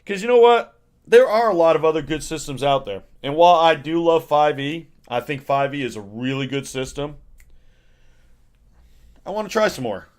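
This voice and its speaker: A man's voice: on the high side, expressive, normal speed. A man chatting casually on a livestream, rambling and sarcastic, with frequent chuckles. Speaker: streamer.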